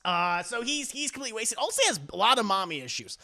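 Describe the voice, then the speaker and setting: A man giving a casual, profane movie review on a live stream, animated and slipping into mock voices for the characters. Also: sits high, quick pace. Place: home streaming setup. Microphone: desk mic on a live stream.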